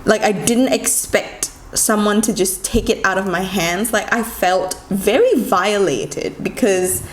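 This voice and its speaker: A woman telling a personal story in a casual vlog, talking quickly and animatedly with lots of "like" fillers. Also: mid-range voice. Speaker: vlogger. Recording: echoey room with faint ambient noise.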